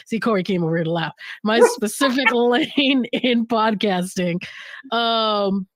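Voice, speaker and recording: A woman's voice: on the high side, dry recording. Candid, joking woman on a panel. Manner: candid, joking, laughs often, restarts phrases. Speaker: podcast network director. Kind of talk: casual panel conversation.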